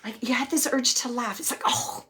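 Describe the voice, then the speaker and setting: A woman hosting a live spirit-reading chat as a medium, chatty, often laughing, relaying quoted messages in a lively way and dropping to soft murmurs as she searches. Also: fairly high pitch, brisk. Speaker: psychic medium host.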